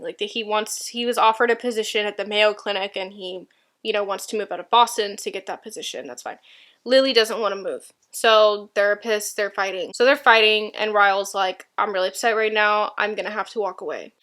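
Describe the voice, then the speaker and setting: Young woman, casual vlogger; bright, slightly high voice, rambling delivery with dry sarcasm. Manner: rambling, filler-heavy, sarcastic asides. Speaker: book vlogger. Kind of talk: casual reading vlog chat.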